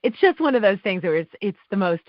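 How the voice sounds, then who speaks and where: A woman guest on an interview show, telling stories about her work as a live awards announcer, with lively quoted dialogue and frequent laughs. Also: mid-range voice, quick pace, no room sound. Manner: animated, acts out quotes, laughs often. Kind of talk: casual interview storytelling. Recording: dull dry podcast audio.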